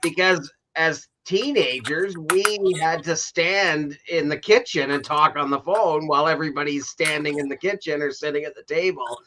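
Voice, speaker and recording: A man's voice: a little high, moderate pace, few pauses, background noise. A middle-aged man chatting casually on a livestream, telling stories and laughing often. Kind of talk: casual chat.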